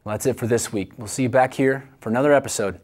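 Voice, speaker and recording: A man's voice: mid-range voice, quick pace, a little mellow. A man hosting a show, thanking his guest and announcing upcoming episodes in a plain, friendly way. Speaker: host. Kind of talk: interview and show host talk.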